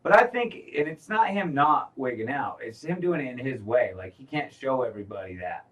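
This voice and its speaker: A man's voice: medium pitch, lively intonation, a little fast, fairly bright tone, recorded from a distance. A man co-hosting a casual show, talking loosely with lots of restarts and swearing. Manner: rambling, profane, loose. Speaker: podcast co-host. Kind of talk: casual chat.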